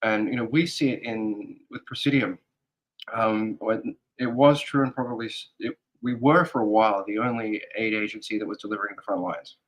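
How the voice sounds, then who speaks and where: A man as an interview guest, speaking earnestly in halting fragments as he thinks aloud. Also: on the low side, steady tone, poor audio. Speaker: guest, security advisor. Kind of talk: casual interview talk.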